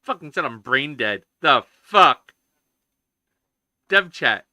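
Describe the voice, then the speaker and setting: A man's voice: fairly high pitch, big pitch swings, takes it slowly, sharp tone, no echo, studio quality. A man streaming himself coding, ranting in casual chatter with constant swearing. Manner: profane, ranting, heavy swearing.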